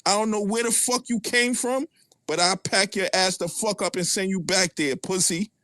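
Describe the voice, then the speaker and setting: A man's voice: sits high, normal speed, bright, forceful tone, no echo, clean studio sound. Taunting, profane man with a Brooklyn accent. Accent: Brooklyn New York. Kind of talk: heated trash talk on a live audio chat.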